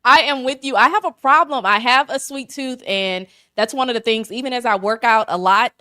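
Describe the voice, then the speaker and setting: A woman hosting a talk show, lively and folksy, chatting with a guest. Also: on the high side, a little fast, no echo, clean studio sound. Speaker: show host. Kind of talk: casual interview chat.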